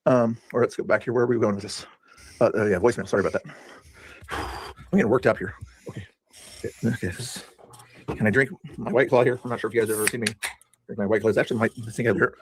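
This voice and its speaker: A man's voice: on the low side, fairly even intonation, fast, pauses often, a little hiss or hum. An older man streaming, rambling in a chatty, self-mocking way as he talks to his viewers about a past stream. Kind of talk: rambling live-stream commentary.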